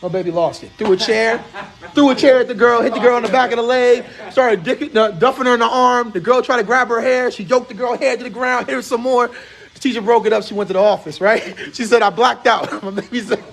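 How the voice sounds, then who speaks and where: High, gravelly, fast-talking man telling stories. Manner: animated, acts out quoted dialogue. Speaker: host. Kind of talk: casual storytelling chat. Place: barbershop.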